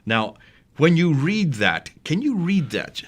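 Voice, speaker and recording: A man's voice: a little high, sing-song, slow pace. A man from the United States co-hosting a discussion, explaining points emphatically and asking leading questions. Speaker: co-host. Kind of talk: conversational discussion on manuscripts.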